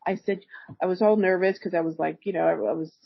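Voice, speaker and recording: A woman's voice: lowish voice, fast talker, vocal fry, no echo, highs cut off. A woman, a therapist and energy healer, guesting on a podcast and telling stories animatedly, acting out the dialogue. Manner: animated storyteller who acts out quoted dialogue. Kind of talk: casual storytelling interview.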